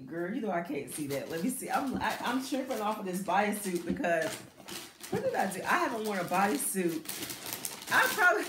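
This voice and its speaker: This middle-aged American woman is a fashion vlogger who chats and laughs her way through a clothing try-on haul, calling her viewers "girl" and "y'all." Her mid-range voice has a fairly bright tone. The room sounds echoey, with a bit of hiss or hum.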